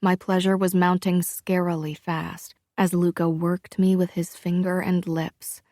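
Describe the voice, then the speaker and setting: A woman narrating a first-person romance audiobook in a slow, hushed, intimate manner. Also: fairly low pitch, flat delivery, no echo, clean studio sound.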